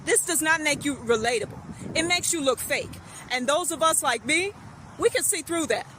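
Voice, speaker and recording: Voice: high voice, lively intonation, normal speed, sharp tone, slight background noise, rough recording. A speaker lecturing straight to camera in a repetitive, emphatic rant. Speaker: social media commentator. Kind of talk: direct-address rant to camera.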